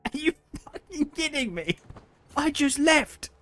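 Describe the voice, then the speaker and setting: A man's voice: very high voice, big pitch swings, unhurried, dry recording, pitched above the performer's own voice, heavily acted. A man voicing an exasperated English king who can't believe he must march back. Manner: incredulous, shouting outrage.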